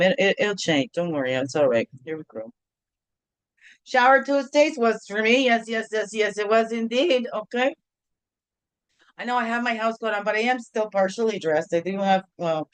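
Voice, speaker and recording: A woman's voice: mid-range voice, dry recording. A middle-aged woman hosting a casual morning video chat from home, playful and rambling, with sing-song bits. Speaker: host.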